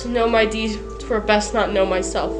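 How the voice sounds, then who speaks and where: A woman's voice: medium pitch, fairly even intonation, normal speed, over music, lightly acted. A woman playing a guilt-haunted, tormented male lord, declaiming earnestly in a school stage play. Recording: echoey stage.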